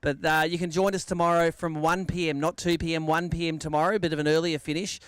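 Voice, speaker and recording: An Australian man hosting a fishing tournament weigh-in, bantering brisk and matey with the anglers. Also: fairly high pitch, flat delivery, fairly bright tone, clean tone, no room sound, studio quality. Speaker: weigh-in host. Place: outdoor weigh tent at a lake.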